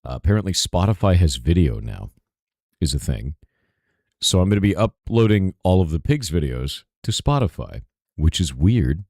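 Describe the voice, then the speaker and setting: A hoarse man streaming live, answering chat in a rambling casual way with lots of "right?" asides. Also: low voice, very animated, normal speed, a little mellow, no room sound, studio quality. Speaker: streamer and game developer.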